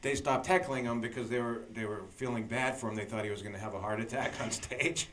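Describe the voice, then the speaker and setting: A man guesting as a comedian, trading road stories in a relaxed talk. His voice is bright and forceful at a middling pitch. He tells his tales with animation and frequent laughter. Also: a little fast. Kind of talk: casual storytelling chat.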